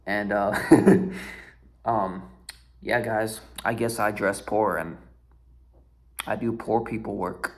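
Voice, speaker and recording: A man's voice: lowish voice, fairly even intonation, slow pace, pauses often. A young man casually telling a story to his viewers, exasperated and slangy, peppering his talk with filler words and swearing freely. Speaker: storyteller vlogger.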